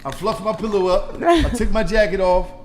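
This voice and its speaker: A middle-aged man tells a story in casual chat. His voice sits fairly high for a man. He laughs often, curses freely and stumbles into quick repeats. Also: a crowd in the background. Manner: animated, laughing, profane, stammering repeats.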